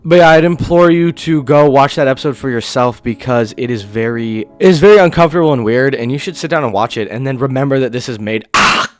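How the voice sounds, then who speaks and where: A man's voice: medium pitch, fast, hardly any pauses. A man doing a casual commentary vlog about a cartoon, talking in a crude, sarcastic, rambling way with lots of swearing. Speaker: commentary YouTuber.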